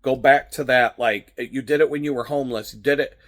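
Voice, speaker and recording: A man talks loosely and candidly while out on a walk, in a casual vlog monologue. He swears freely and slips into quick impressions of his own inner voices. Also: mid-range voice. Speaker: vlogger. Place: outdoors on a walk.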